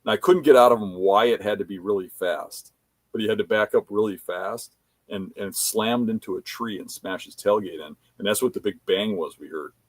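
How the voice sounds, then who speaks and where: A man from Wisconsin, guesting on a podcast as a bear hunter, tells hunting stories in a laid-back, rambling way full of fillers. His voice is fairly low at a moderate pace, and the recording is dry.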